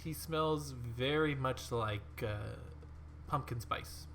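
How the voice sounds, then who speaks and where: A man's voice: mid-range voice, slow, vocal fry, a bit bright, a little hiss or hum. A man narrating as dungeon master, rambling with fillers and frequent laughs. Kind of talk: narrating a tabletop game.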